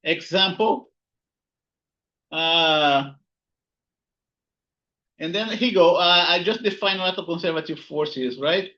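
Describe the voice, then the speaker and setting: Male lecturer, slightly high voice, slow and deliberate, repeats terms, dull lo-fi recording. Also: pushed and bright. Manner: repeats key words, frequent "right?" and "here you go". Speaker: physics instructor. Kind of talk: recorded lecture while writing notes.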